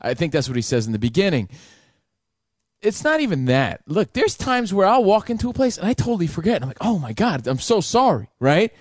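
A man co-hosting a radio talk show, chatting casually with animated, profane banter. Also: sits high, fast talker, no echo, clean studio sound.

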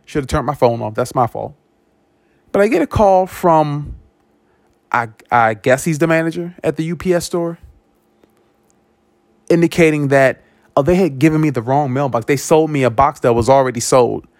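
A man's voice: fairly high pitch, normal speed, long pauses, no echo. A man hosting a show, telling a personal story in a monologue, repeating words and acting out what others said. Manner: animated, repeats words, acts out quoted speech. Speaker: podcast host.

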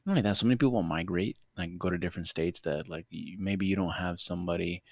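A man in his twenties with a Miami accent, co-hosting a podcast in casual, animated chat full of laughs and fillers. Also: low voice, quick pace, no echo, studio quality. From Miami, Florida. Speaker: podcast co-host.

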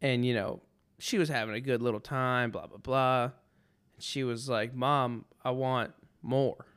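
A man with a smooth, resonant voice at an ordinary pitch, talking solo on his podcast. He rambles through a story with dry sarcasm, often stopping and restarting his sentences. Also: steady tone, moderate pace, a bit bright. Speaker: podcast host. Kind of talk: casual storytelling monologue.

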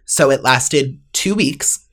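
A woman's voice: extremely low pitch, lively intonation, slow, fairly bright tone. A young woman co-hosting a podcast, talking casually with many fillers and an exasperated, ranting manner. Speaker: podcast co-host. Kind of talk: casual chat.

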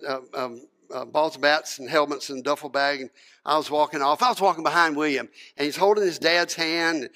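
A pastor preaching a sermon, telling a story with animated acted-out moments and dropping to a hushed tone to reflect. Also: male voice, a little high.

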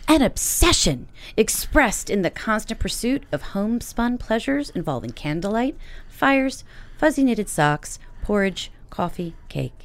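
A woman co-hosting a podcast, playful and quick to laugh in casual chat. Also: mid-range voice, big pitch swings. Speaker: podcast co-host.

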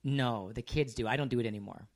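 A man's voice: mid-range voice, fast talker. A man co-hosting a podcast in casual chat, teasing his wife with affection. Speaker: podcast co-host.

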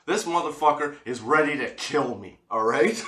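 A man vlogging, telling a personal story in casual, profane, animated talk and laughing often. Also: fairly high pitch, a little slow, roomy sound.

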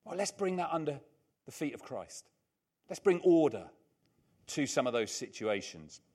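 A man's voice: mid-range voice, sing-song, normal speed, darkish tone, husky. An older man preaching a sermon, emphatic and repeating his key lines, with chatty, humorous asides.

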